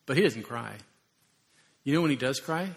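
A man preaching a sermon in an animated way, acting out voices and rising suddenly in volume. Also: mid-range voice, normal speed, gravelly. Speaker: pastor.

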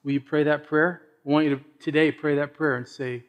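Guy preaching a sermon, kinda high voice, gets loud then goes real quiet. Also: a little fast, hardly any pauses. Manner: animated, swings from loud to hushed; acts out quoted voices conversationally. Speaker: pastor.

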